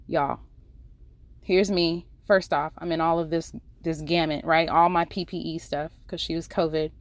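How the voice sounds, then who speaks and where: A woman with a fairly low voice gives an earnest Bible devotional. She talks in a casual, conversational way, often restarting her sentences. The sound is dry and close, with no room echo. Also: steady tone, moderate pace. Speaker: devotional podcast host; ICU nurse.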